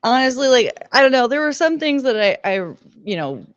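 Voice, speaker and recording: A woman's voice: sits high, very animated, a little fast, dry recording, dull audio. Rambling, emotional woman streamer. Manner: rambling, emotional, swears freely. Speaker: livestream host. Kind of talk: casual livestream commentary.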